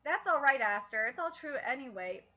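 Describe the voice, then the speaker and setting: A woman reading the lines of a gentle, self-effacing young man in a calm, soft-spoken way. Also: high voice, fairly quick, exaggerated voice. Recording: lo-fi stream audio.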